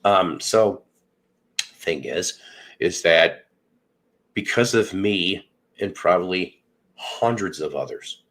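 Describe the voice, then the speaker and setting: Deep-voiced man telling a profane story. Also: slow pace, long pauses, background noise. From Northern Illinois. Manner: animated, profane storyteller acting out dialogue. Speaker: podcast host. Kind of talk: casual storytelling chat.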